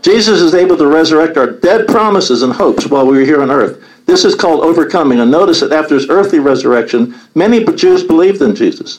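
A man's voice: on the high side, darkish tone, poor audio. A man leading a Bible study, reading scripture aloud and commenting on it earnestly.

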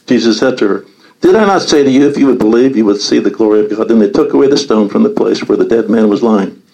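A man's voice: lowish voice, expressive, fast, vocal fry, warm tone, low-quality recording. A man leading a Bible study, reading scripture aloud and commenting on it earnestly.

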